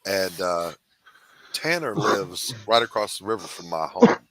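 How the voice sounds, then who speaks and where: Forceful man hosting a chat show. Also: low-pitched, expressive, a little slow, no echo. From South Carolina Low Country. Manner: jokey, rambling, laughs easily. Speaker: podcast host. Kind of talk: casual chat.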